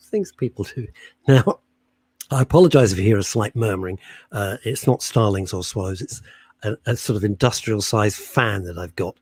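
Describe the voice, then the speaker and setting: Teasing radio co-host, lively pitch. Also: male voice, slightly rough, no echo. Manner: teasing, jokey, quick to mock his co-host. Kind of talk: bantering radio chat. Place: home setup with a loud industrial fan behind him.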